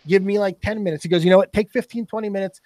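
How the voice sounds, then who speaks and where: A man in casual podcast chat, telling stories in a profane, animated way. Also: high voice, rapid-fire, dry recording, clean studio sound. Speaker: podcast guest.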